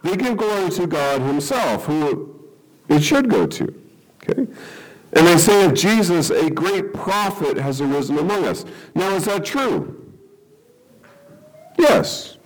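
A man's voice: fairly high pitch, animated, unhurried, low-quality recording. A man preaching a sermon, explaining a Bible passage and checking in with the listeners with frequent "okay?" and light chuckles. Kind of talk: sermon teaching.

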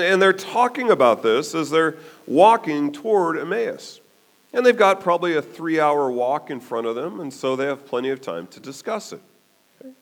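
With a voice that sits a little high, a man preaches a sermon as a pastor. His storytelling is animated, and he keeps checking in by asking "okay?".

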